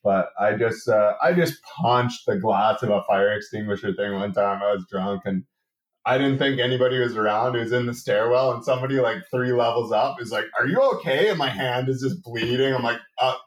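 A man's voice: medium pitch, fairly even intonation, brisk. Wry young man, roomy and distant. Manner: wry, self-mocking, profane. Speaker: podcast co-host. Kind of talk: casual storytelling chat. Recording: roomy sound, away from the mic.

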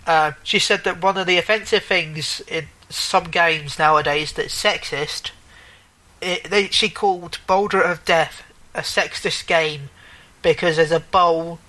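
A man's voice: fairly high pitch, fairly even intonation, a little slow, bright, forceful tone, poor audio. A man co-hosting a casual gaming chat show, rambling, correcting himself mid-sentence and joking as he goes. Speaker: podcast co-host.

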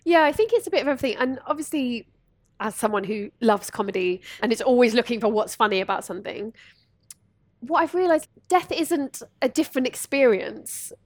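A woman guest telling candid stories in conversation, animated, laughing and swearing freely. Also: a little high, brisk, no echo. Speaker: podcast guest.

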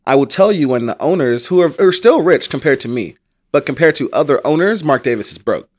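A man's voice: on the high side, lively intonation, a little fast. Wry, blunt American man co-host. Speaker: podcast co-host. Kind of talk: casual sports chat.

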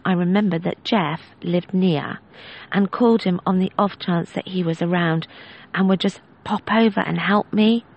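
A woman's voice: medium pitch, poor audio. A woman hosting a podcast, reading a listener's story and telling her own anecdotes. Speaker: podcast host.

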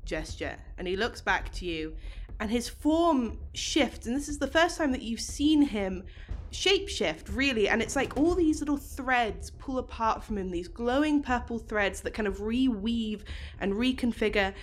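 A woman running a tabletop game, narrating the scene in slow, vivid detail. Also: fairly high pitch, lively intonation. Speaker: game master.

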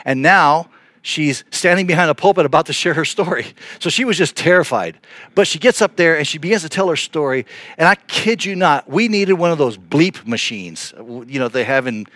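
A middle-aged male pastor telling a story in a sermon, earnest and animated, with frequent restarts. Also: on the high side, normal speed, no room sound.

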